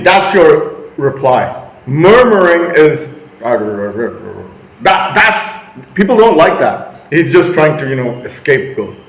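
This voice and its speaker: A man vlogging a rambling motivational monologue, emphatic and with loud assertive bursts. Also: fairly high pitch, sing-song, slow, echoey room, low-quality recording.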